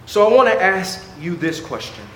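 A high-voiced male preacher delivers a fervent sermon full of rhetorical questions and stammered restarts. His voice rings around a roomy, echoey hall, with faint ambience underneath. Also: big pitch swings, moderate pace, bright, forceful tone, a little hiss or hum.

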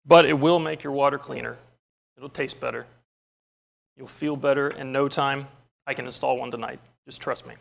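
A pushy, gravelly-voiced plumber, as a preacher puts him on while telling a story in a sermon. He talks in an insistent, dismissive way, like a salesman brushing off an obvious problem. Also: mid-range voice, steady tone, normal speed, long pauses. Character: pushy male plumber with misplaced priorities.

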